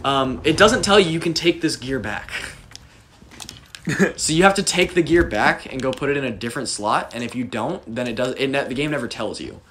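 A man's voice: medium pitch, lively intonation, fairly quick, a bit bright. Young man explaining a game to friends. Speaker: gameplay commentator. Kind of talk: casual let's-play chat. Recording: faint background noise.

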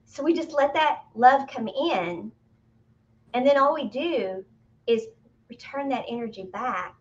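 A woman with a fairly high voice, talking through spiritual teachings in a relaxed, conversational way. She breaks into playful, excited exclamations as she explains. The audio is a bit muffled and lo-fi. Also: unhurried. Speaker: spiritual medium co-host. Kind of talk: casual spiritual teaching talk.

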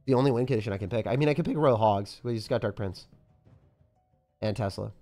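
A young man giving live commentary as he plays a mobile game, thinking aloud and breaking into sudden excited yelps. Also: lowish voice, fast, soft background music. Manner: excitable, talks to himself while playing, sudden yelps. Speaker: game streamer.

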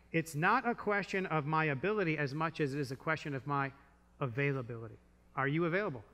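A man's voice: on the high side, bright, forceful tone. A man preaching a sermon as pastor, conversational and full of rhetorical questions, in a church. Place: church sanctuary. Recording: long church hall reverb.

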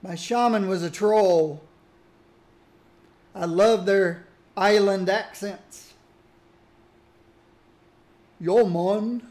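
A man casually reminiscing about old games while he plays, musing aloud in a relaxed way. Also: sits high, slow pace, pauses often. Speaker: gaming streamer. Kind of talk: casual commentary while playing.

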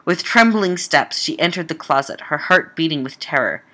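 A woman's voice: sits low, expressive, normal speed, bright, forceful tone. A woman reading an old Gothic novel aloud with drama, breaking off now and then for wry, casual comments. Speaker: audiobook reader and podcast host.

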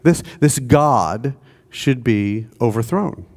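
A pastor preaching a sermon in a conversational way, asking the congregation rhetorical questions. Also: male voice, mid-range voice, expressive, slow pace, a little mellow. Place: church.

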